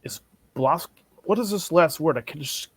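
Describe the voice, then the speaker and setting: A man's voice: fairly high pitch, expressive, moderate pace, slightly rough, no room sound. A man playing a tabletop game casually, asking lots of questions. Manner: inquisitive, asks many questions. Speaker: player.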